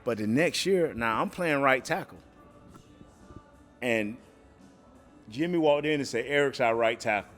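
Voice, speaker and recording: A man's voice: medium pitch, a little slow, long pauses, soft background music. A middle-aged man, a former pro football player, telling stories as a guest in a casual interview and acting out the voices of the people in them. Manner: animated storyteller who acts out quoted voices and laughs often.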